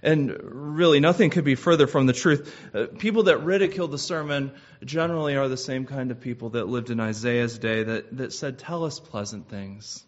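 A man preaching a sermon in a measured, earnest way, with frequent "uh" restarts. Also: medium pitch. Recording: slightly dull lo-fi sound.

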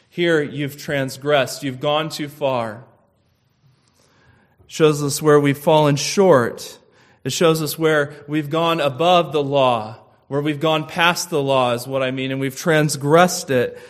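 A man preaching a sermon slowly and emphatically, building to loud, impassioned peaks. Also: a little high.

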